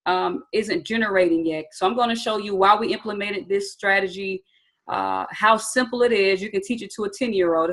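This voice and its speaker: Southern woman, trading instructor on a webinar, video call mic, chatty and encouraging, medium pitch. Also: a bit bright. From Atlanta, Georgia. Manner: chatty, upbeat and encouraging, addresses viewers directly. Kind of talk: live online training webinar.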